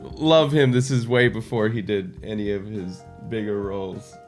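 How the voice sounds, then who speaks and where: A man's voice: lowish voice, steady tone, normal speed, darkish tone, faint music behind. A man co-hosting a casual movie discussion, joking and laughing often. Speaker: podcast co-host.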